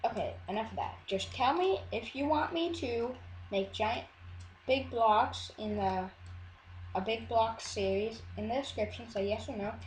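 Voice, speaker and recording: A woman's voice: a little high, measured pace, slight background noise. Rambling chatty female gamer, echoey room. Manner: rambling, chatty, self-interrupting. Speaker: Minecraft video maker. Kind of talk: casual gameplay voice-over.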